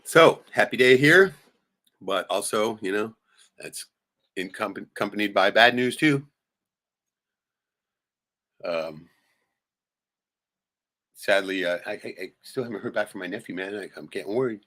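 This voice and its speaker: Low-pitched guy ranting on a livestream, swears a lot, keeps saying "right?", forceful tense tone. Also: a little slow, long pauses. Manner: profane, rambling, heated venting; peppers speech with "right?". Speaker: livestream host. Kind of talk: casual livestream rant.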